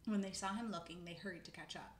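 A woman reading a children's book aloud with expressive storytelling. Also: fairly low pitch, quick pace. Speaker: narrator. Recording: echoey room, faint noise.

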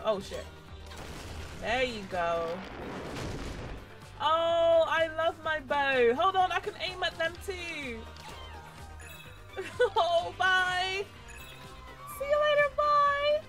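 A young woman streaming a game live, chatting excitedly to the characters on screen and squealing whenever she gets startled. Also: high voice. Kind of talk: live gameplay commentary. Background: faint game music.

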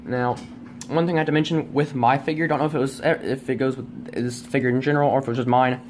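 A man's voice: mid-range voice, fairly even intonation, fast talker, a little mellow, a little hiss or hum. A man reviewing a toy at home on camera, rambling and self-deprecating, with many fillers and restarts. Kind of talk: casual unscripted review. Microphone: camera on a tripod.

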